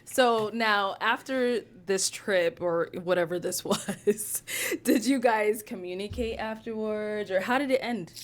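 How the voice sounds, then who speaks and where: A woman's voice: medium pitch, unhurried, hardly any pauses. A woman host casually asking probing questions of a couple. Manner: probing, short prompts. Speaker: show host. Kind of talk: casual chat.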